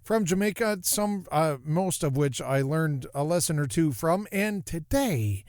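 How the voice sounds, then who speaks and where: Brief: middle-aged male podcast host, playful and self-mocking, slightly high voice, dry close sound. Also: unhurried, dry recording. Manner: jokey, self-mocking, animated. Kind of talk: casual comedic podcast monologue.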